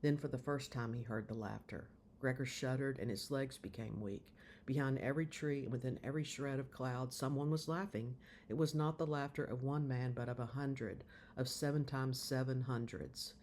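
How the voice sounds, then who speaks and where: Man giving a measured audiobook reading. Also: medium pitch, a little mellow, a little hiss or hum. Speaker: reader of a novel.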